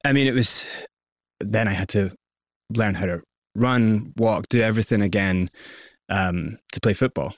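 Scottish male guest, lower register, animated and candid, dry close mic. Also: measured pace, pauses often, no room sound. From South Africa and Scotland. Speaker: interview guest, former hip-hop performer. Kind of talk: conversational storytelling.

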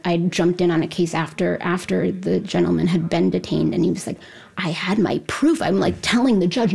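Woman lawyer, husky, gravelly, lowish voice, casual storytelling. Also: a little fast, a little mellow. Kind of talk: interview conversation.

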